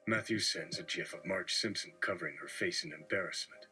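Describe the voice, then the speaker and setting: A man's voice: deep voice, brisk, few pauses, pushed and bright, husky. A man hosting a livestream, reading out group chat messages in a dry, matter-of-fact way. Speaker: livestream host.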